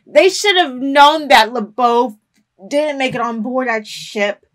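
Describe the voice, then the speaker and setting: A woman hosting an anime reaction video, talking back at the screen and bursting into loud, emotional outbursts with cursing. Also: high voice, animated, takes it slowly. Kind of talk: reaction commentary.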